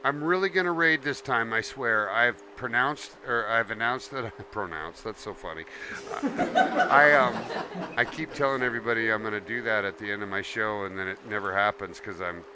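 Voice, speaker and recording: A man chatting casually on a live game stream, warm toward his viewers and sometimes talking about himself in the third person. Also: on the low side, brisk, heavy background noise. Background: background music.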